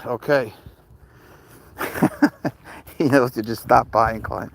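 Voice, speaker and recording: Man chatting softly on a night live stream. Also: medium pitch, takes it slowly, long pauses, a little hiss or hum. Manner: rambling, joking, talks softly to his cat and reads chat. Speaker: livestream host. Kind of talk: casual live-stream chat.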